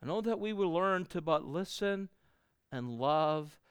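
Earnest preaching man with smooth voice. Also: fairly high pitch, expressive, unhurried, no echo, clean studio sound. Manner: earnest preaching, swells louder then drops to soft endings. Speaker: pastor. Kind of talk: sermon.

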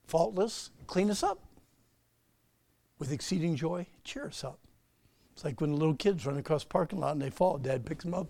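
A man preaching a sermon, swinging between loud emphatic bursts and soft, slow asides, and putting questions to his listeners. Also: fairly high pitch, vocal fry, no echo. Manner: asks the audience questions. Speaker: pastor.

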